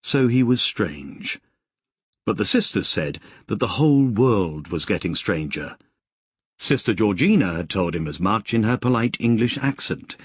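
A man with a low, husky voice narrates a novel. His pitch moves a lot as he tells the story, and the recording is dry, with no room sound. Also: a little slow, no echo. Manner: expressive storytelling. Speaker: audiobook narrator. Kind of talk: scripted narration.

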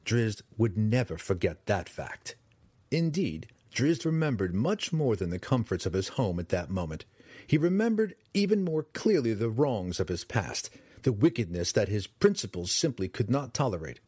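Husky low-voiced fantasy audiobook narrator. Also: male voice, no echo. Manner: dramatic, expressive reading.

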